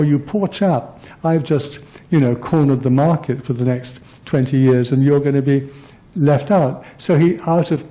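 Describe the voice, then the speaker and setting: A man's voice: a little high, warm tone, rough recording. An older man giving a public lecture, telling personal stories in a rambling, self-deprecating way with many fillers and restarts. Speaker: guest lecturer.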